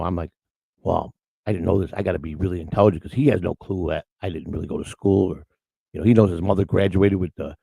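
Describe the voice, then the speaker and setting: This older male morning-show host drifts through rambling stories in casual chat, often restarting and acting out quotes. He sounds low, gravelly and husky, with no echo.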